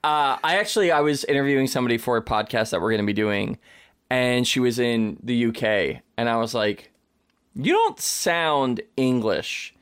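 A man hosting a tabletop game podcast with a middle-pitched voice, chatting casually with his guests. He keeps the tone light, jokes around and laughs easily. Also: fairly quick, a bit bright, smooth. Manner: joking, laughs often. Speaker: host. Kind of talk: casual chat.

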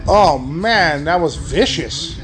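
A man hosting a wrestling watch-along, excitedly calling the action, swearing a lot and shouting at the big moves. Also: a little high, takes it slowly, over music. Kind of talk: excited live commentary.

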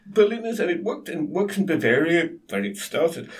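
Animated man restarting his sentences. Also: on the high side, fast talker, slight background noise. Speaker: guest. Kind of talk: book discussion.

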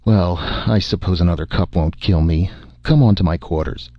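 A man's voice: low voice, normal speed, dry recording, muffled recording. A man voicing a gloomy, exasperated alien base commander who overstates everything. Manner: despairing, exasperated.

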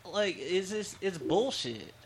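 A woman's voice: on the low side, expressive, slow pace, gravelly, husky, rough recording. A woman guest in a casual chat, ranting with exasperation and heavy profanity.

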